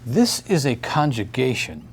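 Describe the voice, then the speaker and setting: A man's voice: mid-range voice, wildly swooping pitch, measured pace, slight background noise. A man teaching a recorded grammar lesson, friendly and upbeat, explaining step by step.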